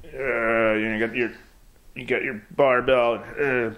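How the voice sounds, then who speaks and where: A man's voice: mid-range voice, steady tone, takes it slowly, highs cut off. A man delivers a rambling stand-up bit. He swears freely and talks in a loose, laid-back way. The delivery sounds offhand rather than polished. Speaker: comedian.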